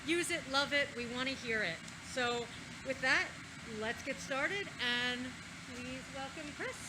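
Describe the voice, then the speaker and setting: A woman hosting a conference session, giving brisk and joking housekeeping announcements before introducing the speaker. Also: sits high, background noise. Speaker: session host. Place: conference hall with audience.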